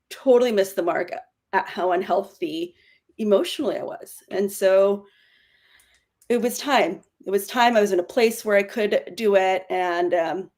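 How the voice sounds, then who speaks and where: A woman in her forties speaking earnestly as a podcast guest, with quick self-correcting bursts in candid conversation. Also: medium pitch. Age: 40s.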